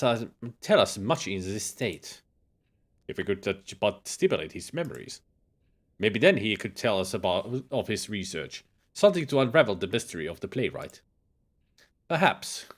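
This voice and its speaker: Man reading game lines aloud, lively pitch. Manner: expressive, acts out lines. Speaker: streamer.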